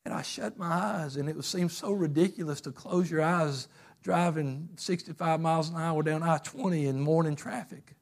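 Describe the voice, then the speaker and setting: A man preaching a fervent sermon, telling stories and swinging from loud bursts to hushed passages. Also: on the high side, normal speed, creaky.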